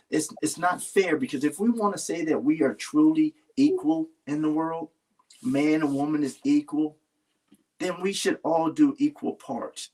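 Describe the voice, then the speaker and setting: A man's voice: fairly high pitch, a little mellow. A man talking earnestly in a casual heartfelt conversation, rambling and restarting his sentences. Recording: voice a little far from the mic.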